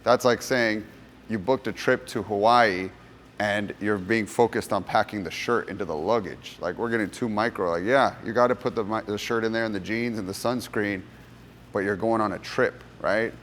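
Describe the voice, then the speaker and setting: A low-pitched man runs a motivational sales workshop for gym coaches, speaking with lively conviction at normal speed. As an animated storyteller he acts out the voices in his stories, including courtroom voices. Long reverb from a large room surrounds him, with a little hiss or hum.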